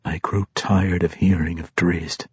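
A man voicing a cold, menacing male assassin who speaks in a low, quiet, whispered way. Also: level tone, a little slow, husky, no echo, highs cut off, exaggerated voice.

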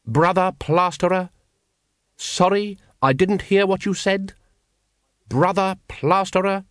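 Brief: blustering, pompous cult leader, pitched high and sharp when irritated, as a male narrator plays him. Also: steady tone, takes it slowly, dry recording, clean studio sound. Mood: exasperated. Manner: blustering, impatient, sarcastic.

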